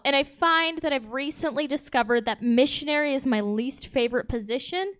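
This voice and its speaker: A woman performs stand-up on a comedy stage, speaking into a handheld mic. Her voice is high, smooth and clear, and she giggles through her candid material. She keeps chatting directly with the audience throughout. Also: a bit bright. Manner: giggly, candid, crowd-work. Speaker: stand-up comic.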